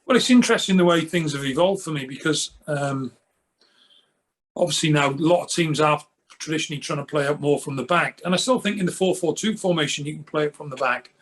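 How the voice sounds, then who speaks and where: An older man from Wales, a former goalkeeper now coaching, answering questions earnestly with occasional halting repeats. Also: a little high, a bit bright. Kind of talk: casual interview.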